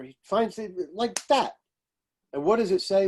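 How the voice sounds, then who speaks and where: An older man, an astrologer and author, telling lively stories in an interview and acting out the voices of people he quotes. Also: high voice, moderate pace. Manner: animated anecdotes, acting out quoted voices, laughing. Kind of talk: storytelling interview.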